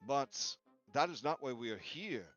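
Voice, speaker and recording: A man's voice: mid-range voice, expressive, unhurried, fairly bright tone. A man voicing a dignified male sea king who speaks formally and earnestly. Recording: dull lo-fi with faint music.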